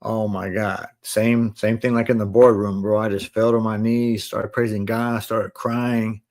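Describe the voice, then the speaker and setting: A man in his forties casually telling listeners his life story on a live stream, in relaxed slang. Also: lowish voice, measured pace. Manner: relaxed street slang, addresses listeners as bro. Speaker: live stream host sharing his testimony.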